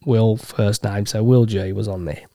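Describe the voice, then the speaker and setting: Australian male podcast co-host, blunt and sweary, mellow tone. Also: fairly low pitch, steady tone, normal speed, no echo, studio quality. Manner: blunt, swears freely, laughs often. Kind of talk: casual banter.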